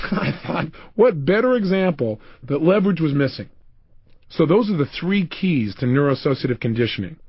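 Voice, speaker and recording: A man's voice: a little high, moderate pace, slightly rough, no room sound, dull audio. A man giving a motivational self-help talk, telling stories animatedly and acting out what people said. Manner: animated storytelling, acting out quotes. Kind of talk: motivational audio program.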